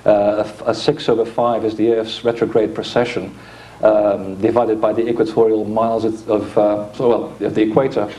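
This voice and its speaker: A man's voice: fairly low pitch, level tone, normal speed, mellow. A man giving an informal conference lecture with slides, explaining with dry asides into a microphone in a lecture hall.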